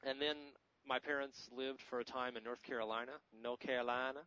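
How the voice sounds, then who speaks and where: A man's voice: mid-range voice, steady tone, a little fast, bright, forceful tone, no echo. An American man hosting a podcast in casual, joking, rambling chat. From United States. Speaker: podcast host. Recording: dry, slightly muffled podcast audio.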